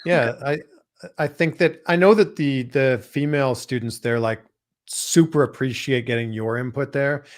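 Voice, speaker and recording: Male host from Canada, mid pitch, eager and chatty, restarts his sentences a lot. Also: moderate pace. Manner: enthusiastic, repeats words while finding his phrasing. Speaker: interviewer host. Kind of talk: casual interview.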